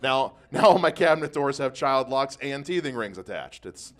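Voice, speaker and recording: A man's voice: medium pitch, animated, moderate pace, fairly bright tone. Self-deprecating male stand-up comic. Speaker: stand-up comedian. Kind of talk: stand-up comedy set.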